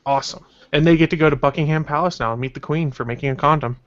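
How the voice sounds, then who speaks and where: A man's voice: on the high side, rapid-fire, dull audio. A man hosting a casual podcast, loosely reading out news and chat messages. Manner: relaxed, rambling, reads out news and chat messages. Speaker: podcast host.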